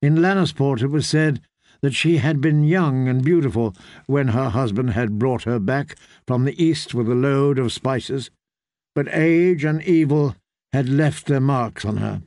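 A man reading a fantasy novel aloud in measured storytelling narration. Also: mid-range voice, a little mellow, dry recording. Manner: measured storytelling, voicing characters. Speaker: audiobook narrator.

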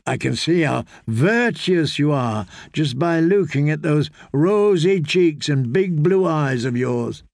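A man's voice: a little high, animated, slow, creaky, hardly any pauses, a little mellow, dry recording, studio quality, exaggerated voice. A man voicing a drowsy, playful young noblewoman who teases her guest. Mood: sleepy teasing. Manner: playful, coquettish.

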